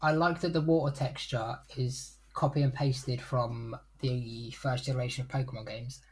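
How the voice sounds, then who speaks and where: A man's voice: mid-range voice, steady tone, normal speed, slightly rough. A man playing a tabletop game, asking stammering questions about his turn. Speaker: player. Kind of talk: casual tabletop game play.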